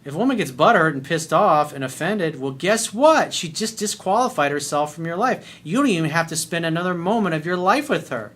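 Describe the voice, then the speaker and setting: A man's voice: fairly high pitch, lively intonation, a little fast, few pauses, fairly bright tone. A man giving dating advice in a video coaching monologue, blunt and emphatic, swearing freely.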